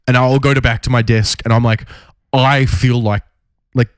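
A man co-hosting a radio show, chatting casually and excitably, laughing often as he tells stories. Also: medium pitch, moderate pace, clear, resonant tone, dry recording, studio quality. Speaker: radio co-host. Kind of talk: casual chat.

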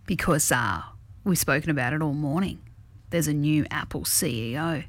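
A woman co-hosts a breakfast radio show with a slightly low voice. She chats in a casual, animated way, full of fillers, and the studio sound is dry and close. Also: moderate pace, dry recording. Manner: chatty, animated storytelling with fillers.

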